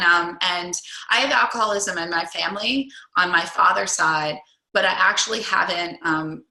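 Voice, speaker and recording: Rambling woman coach, lowish bright voice, echoey room. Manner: rambling, many restarts and fillers. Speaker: coach leading a group call. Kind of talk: casual storytelling to a group.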